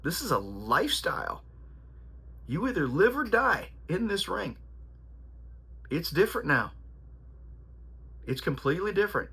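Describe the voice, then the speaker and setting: Brief: man voicing a gruff veteran boxing cornerman, barking high and hard, insistent and repetitive. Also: sing-song, a little slow, pauses often, heavily acted. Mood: fierce. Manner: shouting, insistent, repeats himself. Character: gruff veteran male boxing trainer yelling at a young fighter.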